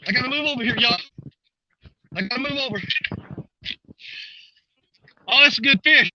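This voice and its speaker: A man, out of breath, giving excited live commentary to viewers while reeling in a fish outdoors. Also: very high voice, moderate pace, muffled recording, slight background noise. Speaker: fishing vlogger. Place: outdoors at the water's edge.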